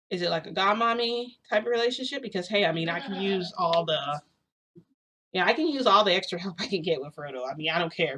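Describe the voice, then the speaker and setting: A woman's voice: on the low side, fairly bright tone. Chatty young woman, rambling. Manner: rambling, filler-heavy, chatty. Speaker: storyteller. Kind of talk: casual storytelling vlog.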